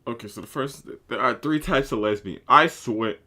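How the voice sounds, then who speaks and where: A man giving casual reaction commentary, breaking into excitable, incredulous exclamations. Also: mid-range voice, moderate pace. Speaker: content creator.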